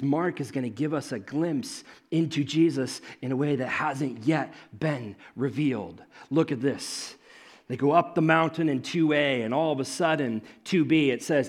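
A man preaching a sermon in an animated, conversational storytelling way, swinging between loud emphasis and hushed moments. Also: medium pitch, normal speed. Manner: conversational, with fillers like "like" and "okay".

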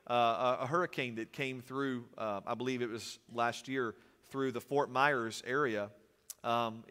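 A male pastor preaching a sermon, animated, with humorous asides and swings from loud to soft. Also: medium pitch. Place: church sanctuary. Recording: long reverb of a church hall.

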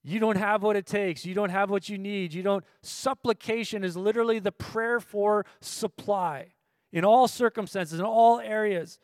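A male pastor preaching a sermon, moving between quiet teaching and loud, impassioned passages, and asking the audience questions. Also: sits high, fairly even intonation, moderate pace, no room sound.

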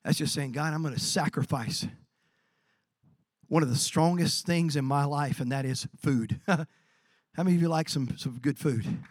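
A man preaching a sermon as pastor, animated, acting out quoted voices and swinging from quiet lines to shouts. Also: on the high side, a little slow, dry recording, clean studio sound. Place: church.

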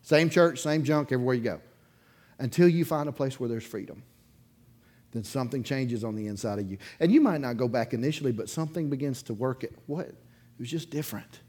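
A pastor with a medium-pitched, brisk voice preaches to his congregation in the church sanctuary. He tells his story in a loose, chatty style, chuckling between sentences and swinging from loud bursts to quiet asides.

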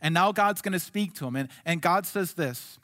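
A male pastor preaching a sermon in an earnest way, dropping to soft, hushed lines and then rising to emphatic ones. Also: high voice, normal speed, big-room sound.

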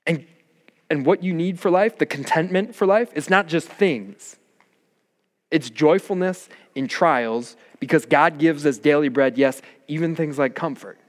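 A man's voice: fairly high pitch, unhurried, big-room sound. A man preaching a sermon as pastor, earnest and rising in emphasis.

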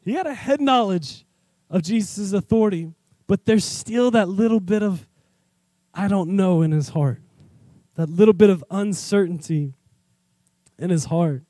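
Brief: conversational male preacher, high voice, acts out the scenes, dry sound. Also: normal speed, warm tone, no room sound. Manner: candid and personal. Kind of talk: sermon.

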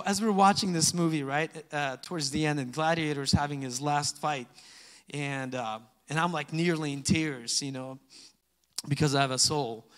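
A man with a fairly high voice preaches in a church sanctuary. He reads scripture with loud emphasis, then drops into soft, chatty asides. A long reverb trails each phrase. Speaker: pastor. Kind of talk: sermon.

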